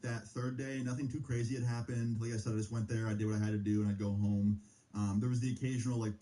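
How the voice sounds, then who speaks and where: A man's voice: fairly low pitch, warm tone, rough recording. A young man streaming, casually rambling through a personal story with plenty of swearing and filler words. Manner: rambling, profane, heavy use of filler like.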